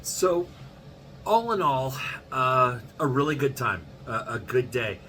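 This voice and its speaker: A relaxed male podcast co-host recapping his day with plenty of fillers. He speaks very slowly and evenly, in a mid-range voice. Faint background noise hums behind him. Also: mid-range voice, poor audio. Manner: relaxed, unhurried, filler-heavy. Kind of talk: casual recap.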